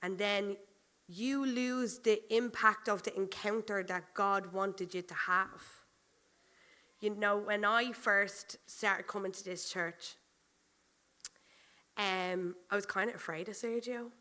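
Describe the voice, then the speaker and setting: A woman pastor preaching a sermon, chatty and animated, telling personal stories and often laughing as she goes. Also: mid-range voice, slow pace.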